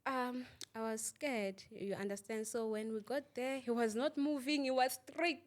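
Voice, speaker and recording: A young woman talks through a painful story as an interview guest. She is halting and repeats herself, with plenty of fillers. She often stops to ask whether the listener understands. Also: on the high side, steady tone. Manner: asks "you understand?" often. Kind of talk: emotional personal testimony.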